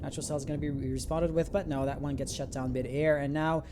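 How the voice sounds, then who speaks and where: A man giving live esports commentary, breaking down tactics and rising to excited calls on big plays. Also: on the high side, quick pace, background noise. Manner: analytical, builds to excited shouts on big plays. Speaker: esports caster.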